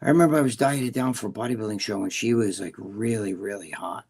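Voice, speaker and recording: A man's voice: lowish voice, quick pace, vocal fry, a little mellow, breathy edge. A man chatting as a livestream guest, telling rambling stories and swearing freely. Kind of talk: casual livestream chat.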